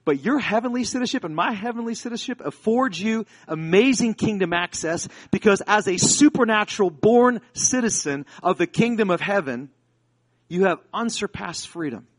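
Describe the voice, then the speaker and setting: A man's voice: high voice, expressive, normal speed. A man in his forties from the United States, preaching a sermon as a pastor. He tells stories in a chatty way, then builds to fervent, emphatic preaching.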